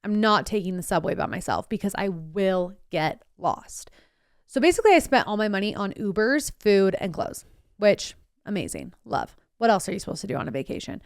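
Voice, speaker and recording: A woman's voice: mid-range voice, brisk, no echo, clean studio sound. A young woman hosting a podcast, telling a story in a sarcastic, bubbly, chatty way and acting out the people she quotes. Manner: sarcastic, bubbly, quotes herself in animated voices. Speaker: podcast host. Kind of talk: casual storytelling monologue.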